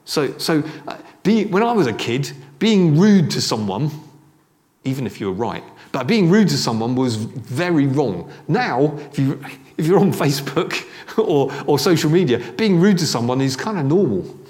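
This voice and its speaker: A man's voice: a little high, big pitch swings, normal speed, a little mellow. Chatty male preacher. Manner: conversational, with restarts and asides. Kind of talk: sermon. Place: church.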